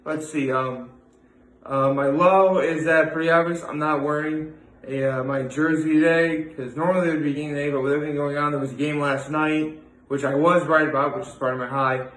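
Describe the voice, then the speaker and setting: A man's voice: on the high side, steady tone, fairly quick, a bit bright, roomy sound, poor audio. A young man rambling through a casual daily vlog, full of fillers and restarts. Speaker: vlogger.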